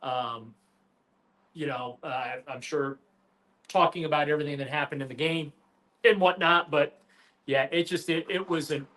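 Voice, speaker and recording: Bright-voiced man on sports radio. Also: on the high side, moderate pace, long pauses. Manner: animated, emphatic, with restarts. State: has the hiccups. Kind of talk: casual sports talk.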